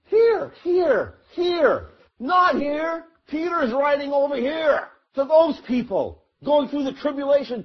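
A man preaches verse by verse, telling the story by acting out the crowd and Noah and rising to shouts. His voice is very high-pitched with a breathy edge, and the sound is lo-fi.

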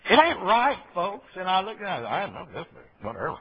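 Preacher man, husky voice jumping up and down a lot, folksy and rambling, dull lo-fi recording. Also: sits high, wildly swooping pitch, fast. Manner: folksy, rambling asides and asking listeners "okay?". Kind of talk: folksy sermon.

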